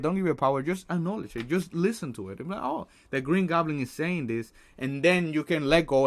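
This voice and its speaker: A man giving a casual motivational talk on social anxiety, earnest, with many restarts and a habit of asking "right?". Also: mid-range voice. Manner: earnest, repeats words, tags lines with "right?"; acts out a harsh inner critic in quoted asides.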